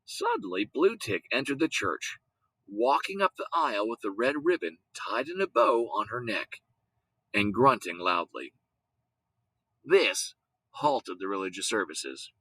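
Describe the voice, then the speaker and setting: A man reading a children's story aloud in an expressive, lively storytelling manner. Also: mid-range voice, moderate pace, no room sound, poor audio. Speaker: audiobook reader. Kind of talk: storybook read-aloud narration.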